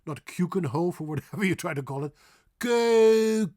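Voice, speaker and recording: A man's voice: a little high, dry recording, clean studio sound. A man with a Dutch accent, a native Dutch speaker, teaching pronunciation in a playful, encouraging way and drawing out each word he demonstrates. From Netherlands. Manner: drawn-out, exaggerated demonstrations of words. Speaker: language teacher. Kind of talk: pronunciation lesson.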